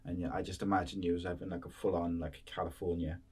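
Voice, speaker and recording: Husky low-voiced man hosting. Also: fast. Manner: relaxed, meandering, many "um"s. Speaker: podcast host. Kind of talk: casual interview chat.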